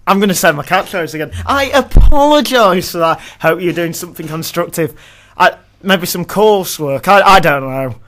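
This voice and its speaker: A man's voice: sits high, lively intonation, moderate pace, a bit bright. A young man co-hosting a casual podcast, joking and laughing often at his own lines. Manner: jokey, self-mocking, laughs often. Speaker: podcast co-host.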